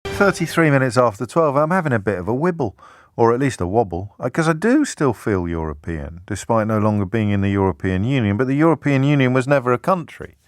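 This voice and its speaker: A man's voice: mid-range voice, lively intonation, brisk, no echo, clean studio sound. A man from England hosting a live radio phone-in, thinking aloud and correcting himself as he talks to callers. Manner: musing aloud, restarts and self-corrections. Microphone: studio microphone.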